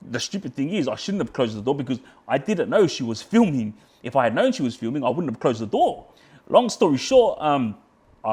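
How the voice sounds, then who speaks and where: Australian guy, mid pitch, conversational guest, rambles and repeats words. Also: darkish tone, husky. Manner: rambling, repeats words and restarts, quotes himself. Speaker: podcast guest. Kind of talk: casual storytelling.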